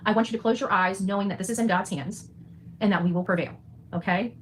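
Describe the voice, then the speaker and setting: A woman in her forties talks fast and straight to her viewers, defiant and reassuring. Her tone turns preachy, and she keeps tagging lines with "okay?". Faint background noise sits under a mid-range voice. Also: medium pitch, steady tone, low-quality recording. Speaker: citizen journalist livestreamer. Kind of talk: direct address to viewers.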